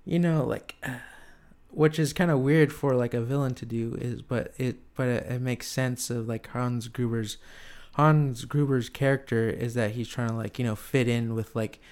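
A man's voice: mid-range voice, steady tone, normal speed, darkish tone, clear, resonant tone. A man in casual movie chat as a podcast co-host, hesitant and full of fillers. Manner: hesitant, lots of fillers and agreeing.

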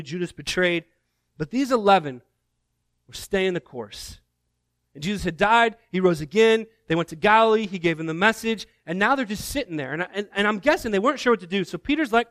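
High-voiced man preaching a lively sermon. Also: no echo. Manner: animated storytelling, conversational asides. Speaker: guest preacher.

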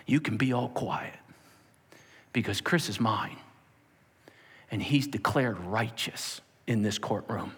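A man voicing a calm, protective divine advocate who speaks low and reassuringly, in a reverberant hall. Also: takes it slowly, pauses often, breathy edge, heavily acted. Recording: long reverb of a large hall.

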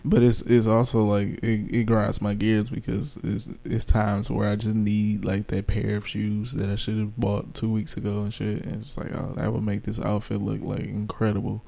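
A man with a dark, mellow voice that carries a gravelly fry. He chats in a laid-back, easygoing way on a casual podcast and swears mildly. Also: on the low side, completely flat delivery, moderate pace, few pauses. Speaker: podcast co-host.

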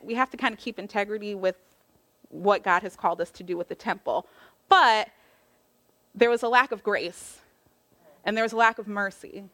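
Woman preacher, casual sermon, chatty and slangy, voices her quotes, slightly high voice. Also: a bit bright. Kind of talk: casual sermon retelling a Bible story.

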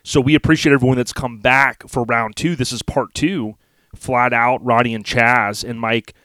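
A man's voice: mid-range voice, steady tone, moderate pace, a bit bright, no room sound. A man co-hosting a casual podcast, talking in a laid-back, rambling, folksy way. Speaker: podcast co-host.

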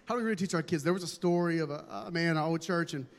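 Man, pastor, high voice, animated humorous sermon, long hall reverb. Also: rapid-fire. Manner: animated, humorous, dramatic preaching.

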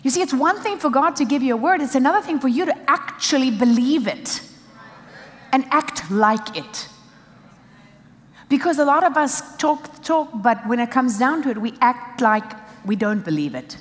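A woman's voice: high-pitched, expressive, moderate pace, in a large hall. A woman preaching a sermon with emphasis, driving points home in short repeated phrases.

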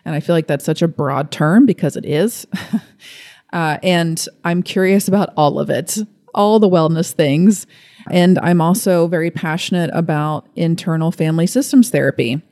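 A young adult woman hosting her own wellness podcast, talking in a gentle, earnest way with open excitement. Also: on the low side, normal speed, dry recording. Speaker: podcast host. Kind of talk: casual solo podcast talk. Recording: dry close recording with faint music.

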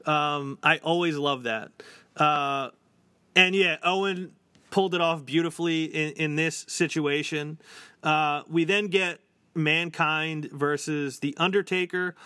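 Guy on a podcast, kinda high bright voice, dry close sound, lots of likes and ums. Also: fairly even intonation, a little slow, clean tone, no room sound. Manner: chatty, many fillers and restarts. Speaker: podcast co-host. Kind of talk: casual chat.

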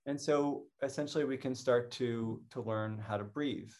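A middle-aged man from North America giving a calm, earnest educational talk as a mindfulness teacher, often restarting his phrases. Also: medium pitch, normal speed, hardly any pauses.

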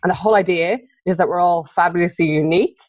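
Low-voiced woman guest on muffled audio. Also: fast talker, a little mellow, no echo. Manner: friendly, rambling, laughs easily. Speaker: podcast guest. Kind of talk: casual interview chat.

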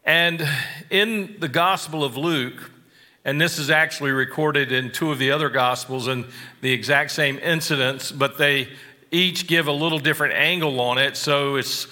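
A man preaching a sermon, slow and deliberate, stressing key phrases and adding wry asides. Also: a little high, bright, forceful tone, big-room sound. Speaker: pastor.

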